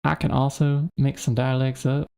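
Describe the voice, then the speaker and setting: A man with a mid-range voice and a rough, gravelly edge talks through his gameplay on a stream. He thinks aloud in a loose, casual way, checking things and muttering half to himself. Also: medium pitch, little pitch movement, moderate pace, dark tone. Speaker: streamer playing a modded game.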